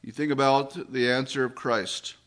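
A man preaching a sermon in a slow, measured way, his voice dropping low and soft on solemn phrases. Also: steady tone.

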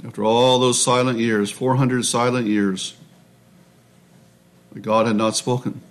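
A man preaching a sermon in a measured, reflective way, often restarting his phrases. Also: medium pitch, level tone. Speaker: pastor.

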